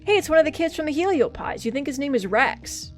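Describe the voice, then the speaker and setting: Brief: excitable woman streamer narrating a game, slightly high pitch, soft background music. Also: fast. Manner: excitable, gushing, swears casually. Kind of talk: reading a game aloud on stream.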